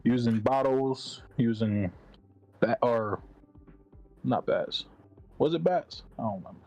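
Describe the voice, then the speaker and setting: A man talks games in a loose, animated way, full of slang and swearing. His pitch sits mid-range for a man. Faint music plays underneath. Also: slow, rough recording. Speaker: guest. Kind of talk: casual gaming chat.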